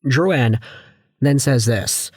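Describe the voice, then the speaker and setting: A man with a hoarse voice from a viral infection, talking about hockey in a chatty, conversational way as a YouTuber. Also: medium pitch, very slow, no echo, clean studio sound. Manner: chatty, conversational, with frequent asides. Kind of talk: casual sports commentary.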